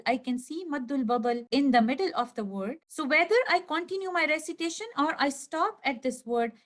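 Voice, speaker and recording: A woman teaching a recorded lesson over slides, explaining slowly and clearly and stretching out each example word. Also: high voice. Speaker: tajweed teacher.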